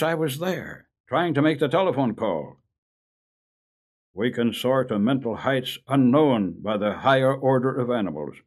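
An older man preaching an earnest sermon, slowing down for emphasis and dropping low and soft at the ends of lines. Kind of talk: radio sermon.

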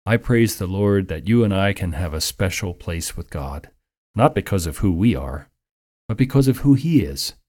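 A man preaching a sermon in an earnest, measured way, lifting his voice for emphasis. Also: low voice, animated, warm tone.

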